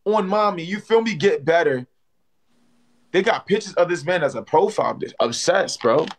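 A young man chatting on a phone livestream, loud and excitable, full of slang and repeated "bro". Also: high-pitched, normal speed. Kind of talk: casual livestream banter.

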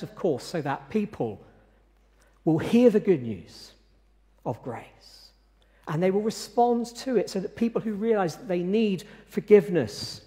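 A man preaching a sermon in a measured, emphatic way, pausing often to stress his words. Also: on the high side, warm tone. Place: church. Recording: reverberant church sanctuary.

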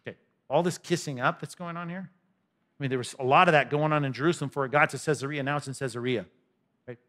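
A man's voice: fairly high pitch, quick pace, pushed and bright. A man preaching a sermon in a conversational style, with humorous asides. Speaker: pastor.

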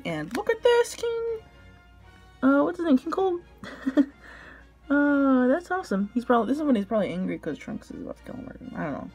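A young woman opening trading cards, gushing as an excited fan with gasps and laughter. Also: fairly high pitch, vocal fry. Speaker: card unboxing vlogger. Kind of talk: excited unboxing commentary. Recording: faint background music.

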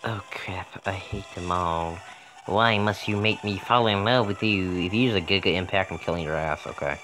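A man's voice: sits low, moderate pace, pushed and bright, a little hiss or hum. A man casually commenting on a video game, joking, swearing and talking back to the game. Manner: joking, profane, talks to the game.

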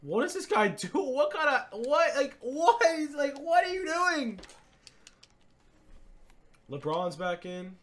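High-voiced excitable man calling gameplay. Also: takes it slowly, pauses often. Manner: excitable, swings between muttering and shouting; repeats catchphrases. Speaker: gaming YouTuber. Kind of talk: live gameplay commentary.

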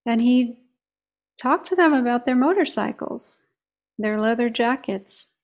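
A woman meditation teacher speaking in a calm, measured way, telling a story during a reflective discussion on meditation. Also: fairly high pitch.

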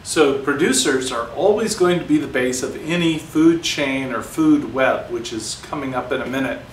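A man's voice: medium pitch, normal speed, a little hiss or hum. Chatty male teacher in an echoey room. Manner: chatty, joking asides to students. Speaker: science teacher. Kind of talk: casual classroom lesson. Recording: roomy sound, distant mic.

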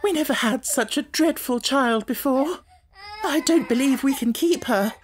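A flustered, helpless schoolteacher at her wits' end, played by a man. She shrills and wails far above his natural pitch, loud and frantic, swinging between coaxing and scolding in a storybook telling. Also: measured pace, a little hiss or hum. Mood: despairing. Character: flustered, helpless plump woman teacher.

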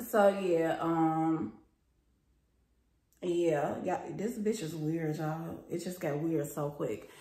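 A woman's voice: deep voice, slow pace, warm tone. A young woman vlogger telling a story in casual chat, talking straight to her viewers and swearing freely. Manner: chatty and profane, addresses viewers as y'all. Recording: roomy echo.

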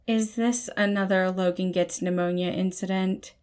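A woman's voice: medium pitch, fairly even intonation, normal speed, darkish tone, close to an everyday voice. A woman voicing a friendly colleague who talks in an easygoing, concerned way. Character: friendly helpful female colleague.

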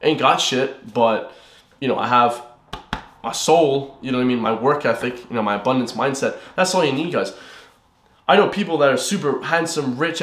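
A man's voice: medium pitch, a bit bright. A young man delivers a motivational monologue with a loose, rambling flow and plenty of swearing, calling his viewers "guys" again and again. His voice sits in a middle register. The recording has a roomy, echoey feel. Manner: rambling, blunt, swears, keeps saying "guys". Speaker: fitness vlogger. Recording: roomy echo.

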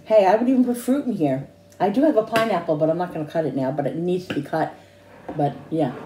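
A woman's voice: fairly low pitch, fast talker, mellow, a little hiss or hum. A woman chatting casually in a home cooking vlog, rambling with restarts and tasting hums. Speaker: cooking vlogger. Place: home kitchen. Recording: echoey kitchen with dish clatter.

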